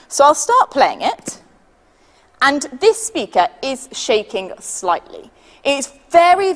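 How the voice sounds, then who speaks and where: A woman with a British accent leading a children's science demonstration, patient and lively, counting down for the audience to join in. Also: a little high, in a large hall. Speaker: science workshop leader.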